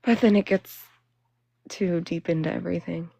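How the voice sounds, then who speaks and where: A woman's voice: lowish voice, steady tone, normal speed, vocal fry, warm tone, husky, dry recording, muffled recording. A young woman hosting a phone livestream, chatting and ranting casually, full of fillers and laughing between phrases. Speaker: livestream host. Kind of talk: casual live-stream chat and rant.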